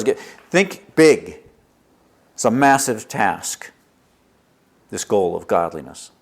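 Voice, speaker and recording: A man preaching a sermon, lively and storytelling, acting out little dialogues as he explains a passage. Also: fairly low pitch, takes it slowly, vocal fry, pauses often. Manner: lively preaching, acts out dialogue with God in his stories. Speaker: pastor.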